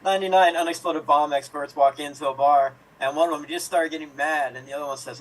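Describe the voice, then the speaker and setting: A man's voice: a little high, fairly even intonation, quick pace, hardly any pauses, recorded from a distance, low-quality recording. A man playing in an online improv comedy game, telling jokes and working them out as he speaks. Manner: thinks aloud, unsure delivery. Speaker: improv player.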